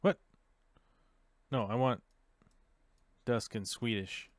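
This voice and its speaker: A man's voice: medium pitch, slow, dry recording. A man hosting a casual livestream chat in a playful way, thinking aloud and joking at himself. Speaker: livestream host.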